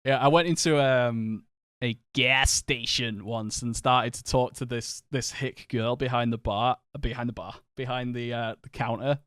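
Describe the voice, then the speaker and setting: A man with a Northern English accent, chatting casually and rambling through anecdotes while streaming a game, quick to laugh and swear. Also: mid-range voice, fairly even intonation, a bit bright, smooth, no room sound, studio quality. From England. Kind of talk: casual live-stream chat while gaming.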